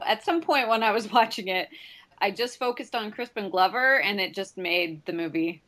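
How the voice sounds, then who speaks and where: A woman's voice: medium pitch, expressive, moderate pace, sharp tone. Giggly woman chatting about films. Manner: giggly, laughs often while talking. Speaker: podcast co-host. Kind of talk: casual film discussion.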